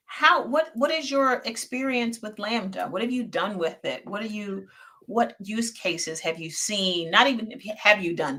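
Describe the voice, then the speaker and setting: A woman co-hosts a casual live-streamed tech chat and greets viewers with upbeat enthusiasm. Her voice is bright and clear, and her pitch moves a lot as she talks. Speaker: co-host of a tech book podcast.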